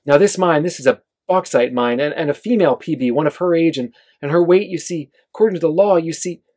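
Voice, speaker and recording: A man's voice: mid-range voice, moderate pace, lightly acted. A man reading aloud as a desperate man pleading urgently for his wife, at a bookstore reading. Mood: fervent.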